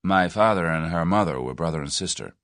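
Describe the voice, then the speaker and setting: A man's voice: low-pitched, animated, fairly quick, no echo, studio quality, pitched below the performer's own voice. A man doing a brash American in his thirties. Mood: blunt. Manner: blunt, forceful, folksy.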